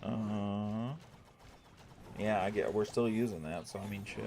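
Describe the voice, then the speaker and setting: A man's voice: fairly low pitch, measured pace, gravelly, background noise. A young man streaming a strategy game, thinking aloud to his chat and swearing when irritated. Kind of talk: casual gameplay commentary to chat.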